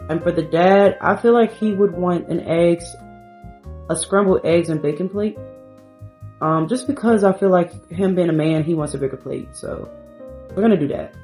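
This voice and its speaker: Woman chatting thru her gameplay in aave, kinda low voice, soft guitar music behind. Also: moderate pace. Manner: chatty, talks to her viewers and the game. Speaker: gameplay streamer. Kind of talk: casual let's-play commentary.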